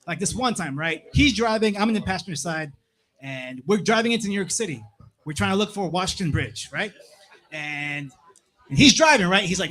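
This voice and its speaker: A man's voice: sits high, big pitch swings, fairly quick, bright, forceful tone. A young man from Massachusetts doing a stand-up comedy set on a club stage, laid-back and tagging his lines with "man" and "right?". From Plymouth, Massachusetts.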